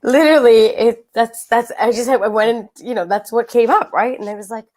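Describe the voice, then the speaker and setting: A woman's voice: on the high side, brisk, a little mellow. A woman co-hosting a casual podcast, rambling through thoughts with fillers and restarts. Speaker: podcast co-host. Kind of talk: casual spiritual chat.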